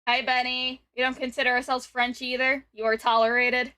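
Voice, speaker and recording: A woman's voice: high voice, little pitch movement, a little fast, bright, forceful tone, dry recording. A woman in her twenties hosting a casual stream, giggling often and reading chat messages aloud. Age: 20s. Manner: giggly, talks over guest. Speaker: streamer host.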